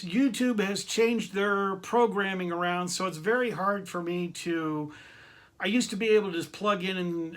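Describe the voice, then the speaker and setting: A man's voice: on the high side, a bit bright. A man hosting his own collector video channel, chatting casually and enthusiastically to camera, repeating himself and laughing often.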